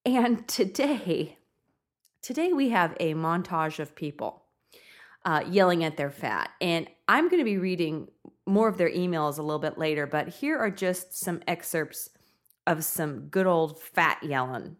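Bubbly woman with a lively voice. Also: lowish voice, a little slow. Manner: bubbly, giggly, gushing. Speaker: podcast host. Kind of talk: upbeat podcast monologue.

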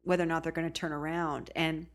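A woman's voice: low-pitched, little pitch movement, fast talker. A woman podcast host from the Oregon coast, talking casually and chattily, laughing often. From Oregon coast, USA. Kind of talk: casual solo podcast talk.

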